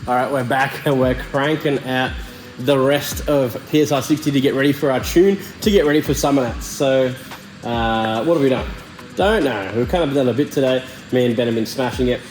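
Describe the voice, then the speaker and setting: A man hosts a casual car vlog from his home garage workshop. He sounds keen and jokey, firing off part names in quick bursts at an ordinary pitch. Music plays under him. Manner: excited, joking, rattles off parts in quick bursts. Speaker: car builder and channel host.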